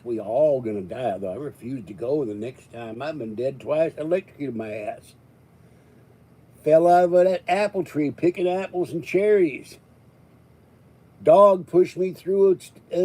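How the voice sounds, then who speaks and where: Man, very dark mellow tone, joking live stream host, rambling chat. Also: a little high. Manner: joking, rambling, chuckling often.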